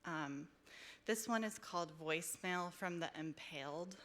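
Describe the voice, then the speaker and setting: A woman's voice: fairly low pitch, a little slow, a bit bright. A woman poet giving a live reading, effusive and self-deprecating in her hesitant chat between poems. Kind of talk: live poetry reading with chatty asides. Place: public library event room.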